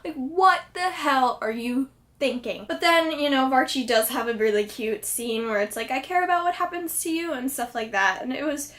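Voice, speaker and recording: A woman casually recapping a TV episode in a vlog, chatty and excitable, full of fillers like "like". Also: on the high side, normal speed. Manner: chatty, excitable, lots of "like" and "friggin'". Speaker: TV episode reviewer.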